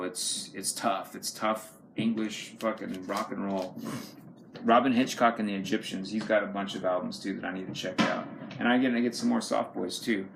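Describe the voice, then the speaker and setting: A man with a fairly low voice and vocal fry casually shows off his record collection in unscripted talk to camera, rambling enthusiastically with frequent swearing and lots of fillers. Background noise is audible.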